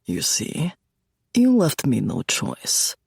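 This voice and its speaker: A gravelly, raspy mafia boss, slow and cold, who drawls his threats. His pitch swings widely between quiet menace and outbursts. The sound is dry and close. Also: huge pitch swings, dry recording, exaggerated voice. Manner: slow, low and threatening, bursting into shouts. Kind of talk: dark romance audiobook acting.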